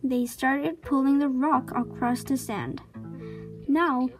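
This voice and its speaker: A woman reading a children's chapter book aloud with slow, clear storytelling. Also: high-pitched, a little mellow, faint music behind. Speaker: reader.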